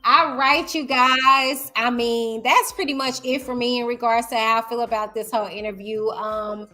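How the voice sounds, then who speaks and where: A woman hosts her own commentary vlog, speaking to viewers in a loud, high-energy way. Her voice sits high and rings bright and forceful. She keeps it chatty, pulling her audience in. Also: fairly even intonation, normal speed, soft background music. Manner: chatty, addresses viewers directly. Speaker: YouTuber host.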